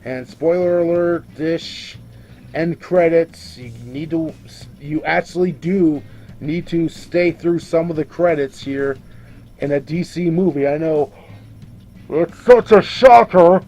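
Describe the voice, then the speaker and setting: A man's voice: on the high side, fairly even intonation, unhurried, mellow, soft background music. A drunk man giving a casual video review of a movie, rambling, swearing freely and tripping over his own words.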